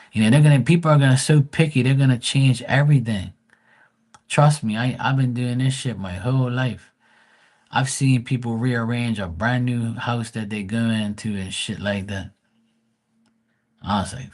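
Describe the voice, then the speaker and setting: A man's voice: medium pitch, moderate pace, a little mellow. Guy on a live stream, cussing a lot, bossy and blunt, giving advice. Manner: blunt, profane, lecturing. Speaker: live tarot reader. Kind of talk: casual livestream advice.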